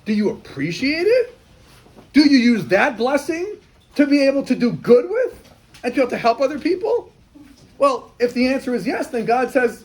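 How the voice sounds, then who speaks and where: Lively rabbi teaching, man, high voice with wide swings, rhetorical. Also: moderate pace, long pauses, poor audio. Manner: animated, rhetorical questions, acts out dialogues with God. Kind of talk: lively sermon.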